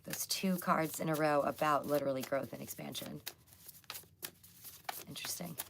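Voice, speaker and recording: A woman hosting a casual live tarot reading, chatty and loose with lots of fillers, hoarse as she loses her voice. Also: low voice, fairly even intonation, normal speed, noisy background. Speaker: psychic tarot reader hosting a live stream.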